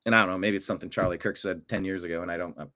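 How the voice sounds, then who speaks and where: A man hosting a profane political rant, swinging from low mutters to loud outbursts. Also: fairly even intonation, racing. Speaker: political commentary host.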